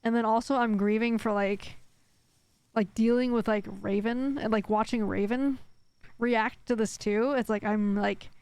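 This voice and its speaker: Her fairly high voice is steady, slightly mellow, clear and resonant, delivered at a measured pace in a dry recording. As she streams a game live, she rambles casually with frequent fillers, reading and answering chat messages.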